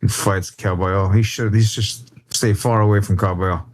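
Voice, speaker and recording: A man's voice: fairly low pitch, steady tone, a little fast. A man on a boxing podcast panel, blunt and casual, swearing now and then.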